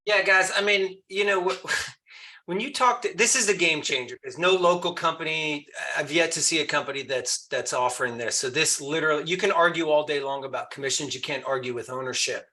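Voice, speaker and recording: A man's voice: a little high, a little fast, sharp tone. A man on a video call, persuasively urging a sales team to use an ownership offer when recruiting. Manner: emphatic, persuasive.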